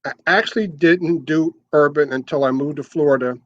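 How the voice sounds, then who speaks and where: A man's voice: fairly high pitch, brisk, no echo, highs cut off. An older man talking as an interview guest about his long radio career, explaining at length and often repeating words as he restarts. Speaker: interview guest, former radio sales manager. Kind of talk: conversational interview.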